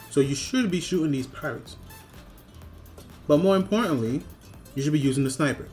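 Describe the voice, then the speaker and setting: In a scripted voice-over reviewing a video game, a man at medium pitch periodically launches into lively rants of feigned outrage, asking the same questions again and again.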